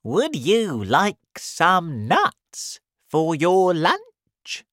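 A woman voicing a cheeky monkey in a children's story, with a high, squeaky voice. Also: wildly swooping pitch, drawn-out words, fairly bright tone, no room sound, clean studio sound, heavily acted. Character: cheeky quick male monkey in a tree.

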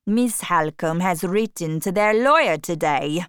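A sly count, read by a woman, an older man who coaxes and schemes in a soft, deliberate way. The voice sits low and unhurried, slow and even, like a storybook villain murmuring his plan. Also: clean tone, dry recording, studio quality. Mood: calm scheming. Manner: quiet, coaxing, deliberate.

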